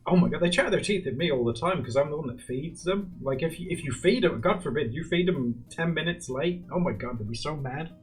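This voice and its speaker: A young man streaming live, chatting casually and rambling while he draws, often laughing and jumping into high squeaky bursts. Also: lively intonation, fairly quick, few pauses. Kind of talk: casual chat while drawing on a livestream.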